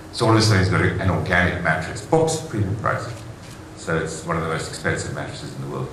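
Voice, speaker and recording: A man's voice: rumbling low, expressive, fast, a bit bright. A man giving an enthusiastic conference keynote speech in a large hall, telling stories with rhetorical asides. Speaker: conference speaker. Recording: very echoey hall, faint noise.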